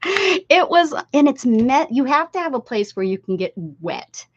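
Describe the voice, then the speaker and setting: A woman's voice: high voice, big pitch swings, a little slow, no echo. Older woman, craft-stream host, rambling friendly chat with viewers, slightly dull lo-fi sound. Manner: chatty, reads chat aloud and answers viewers. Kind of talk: casual livestream chat. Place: home craft room at a desk.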